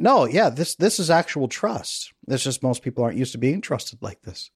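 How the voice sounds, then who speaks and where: A middle-aged man, a relationship coach, talking as a podcast guest in a lively, playful, guiding way. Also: mid-range voice, normal speed, few pauses, husky, dry recording, clean studio sound. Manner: energetic, playful, guides listener through an exercise. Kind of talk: conversational interview.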